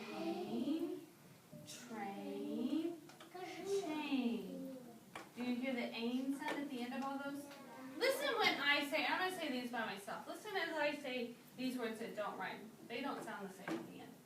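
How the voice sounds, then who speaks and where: Woman teacher, high voice, slow and clear, roomy classroom recorded from afar with noise. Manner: slow, clear, encouraging prompts. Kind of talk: classroom phonics lesson. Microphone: camera in the room. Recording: roomy classroom sound from a distance with background noise.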